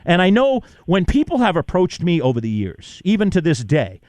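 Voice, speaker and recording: A man's voice: high-pitched, moderate pace, dry recording. A male radio host telling stories in casual chat, acting out both sides of old on-air exchanges. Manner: animated, acts out both sides of past exchanges in voices.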